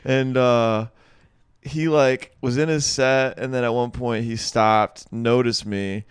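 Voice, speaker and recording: Podcast host, man, mid-pitched dry close voice, laid-back and buddy-buddy. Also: steady tone, slow, clean tone, dry recording. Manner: laid-back and chummy, lots of dude and bro. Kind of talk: casual interview chat.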